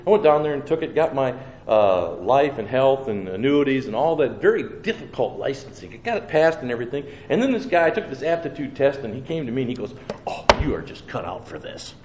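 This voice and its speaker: A man's voice: mid-range voice, very animated, fast, few pauses, darkish tone. Earnest man telling his testimony, roomy sound. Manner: earnest storytelling with homespun phrasing; acts out his own thoughts and replies. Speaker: preacher. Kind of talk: personal testimony. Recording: roomy with faint background noise.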